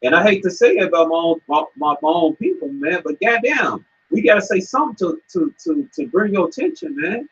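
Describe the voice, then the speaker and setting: A fiery man with a husky, slightly high voice preaches in a scripture discussion, stammering and swearing as he pushes his point. The recording is dull and lo-fi, with a muffled top end. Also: big pitch swings, fairly quick, few pauses, fairly bright tone. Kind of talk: heated street preaching chat. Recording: dull lo-fi sound.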